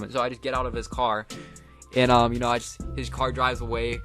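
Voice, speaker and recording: A teenage boy tells a story in a loose, rambling way, full of filler words and restarts. His voice sits at an ordinary middle pitch. Faint music plays underneath. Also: fast. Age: teens. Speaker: vlogger. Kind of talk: casual storytime.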